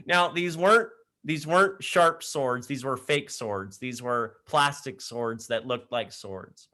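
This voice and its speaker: A man speaking in an online session from his laptop mic, telling an animated story to high school students with frequent laughter. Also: slow. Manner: energetic, animated storyteller who laughs often. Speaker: leadership program speaker.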